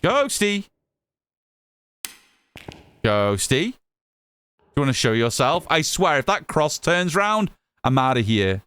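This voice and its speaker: Smooth-voiced chatty English man. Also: mid-range voice, very animated, unhurried, fairly bright tone, no room sound. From Northwest England, Cheshire. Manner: chatty, answers chat, repeats phrases. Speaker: streamer. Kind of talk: casual live gameplay chat.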